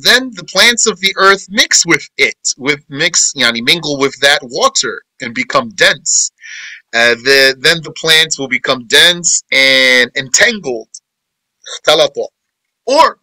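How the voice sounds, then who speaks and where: A man teaching a verse-by-verse Quran commentary, reciting Arabic verses briskly and then explaining them slowly in English, repeating phrases. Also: fairly high pitch, expressive, pushed and bright, no echo, rough recording. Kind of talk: verse-by-verse tafsir lesson.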